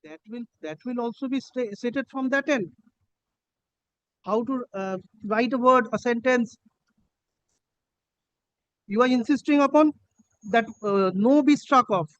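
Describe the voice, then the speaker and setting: A man presiding as judge in court, measured, cutting in often and repeating "learned counsel". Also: extremely high pitch, fairly bright tone, smooth, no room sound. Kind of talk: courtroom exchange. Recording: dull lo-fi courtroom feed.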